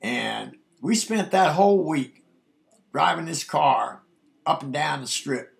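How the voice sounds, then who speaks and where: An older man with a gravelly, fairly high voice tells a rambling, folksy story from his past in a casual, memoir-like way. He's animated but takes his time, and he drops "man" into nearly every sentence.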